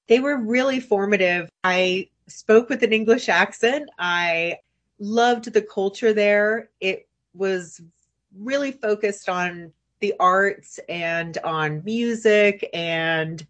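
A woman's voice: mid-range voice, slow, fairly bright tone. A woman from the United States, a writer, talking as a guest on a radio interview and recalling stories in a reflective way. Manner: reflective, anecdotal storyteller.

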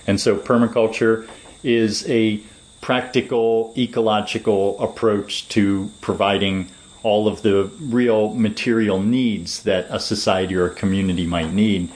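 A man giving long, measured, lecturing answers as a permaculture designer in an interview. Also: lowish voice, rough recording.

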